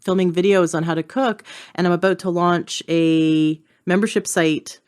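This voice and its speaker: Chatty woman podcast host, slightly low. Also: steady tone, normal speed, a little mellow, clear, resonant tone. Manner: chatty, frequent fillers and restarts, laughs easily. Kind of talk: casual conversation.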